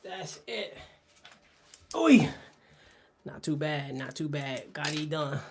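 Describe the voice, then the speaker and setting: A man's voice: a little high, animated, slow pace, slight background noise. A man riffs loosely with his audience on a live workout stream, telling jokes and tangents. He laughs a lot and drifts off mid-thought, talking at an easygoing, unscripted clip from an indoor home workout spot. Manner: joking, rambling banter with chat; laughs often, trails off mid-sentence. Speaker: fitness livestream host. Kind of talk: casual live-stream chat during a workout.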